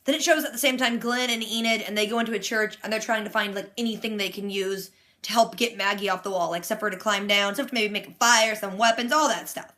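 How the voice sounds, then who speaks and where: A woman giving a casual, animated recap of a TV episode in slangy, excitable storytelling. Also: medium pitch, fast. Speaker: TV reaction host.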